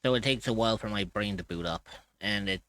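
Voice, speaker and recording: This man chats on a live stream, tired and groggy after very little sleep. He rambles from one thought to the next and swears offhandedly. His voice sits a little low, with a bright, forceful tone. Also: brisk, no echo. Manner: rambling, loose, swears casually. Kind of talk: casual chat on a live stream.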